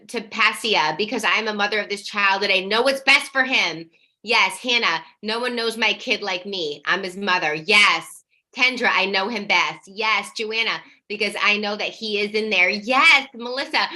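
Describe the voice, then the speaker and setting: Bright, energetic woman hosting a workshop. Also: a little high. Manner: energetic, reads chat comments aloud and affirms them. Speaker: workshop host. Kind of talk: live-streamed coaching workshop.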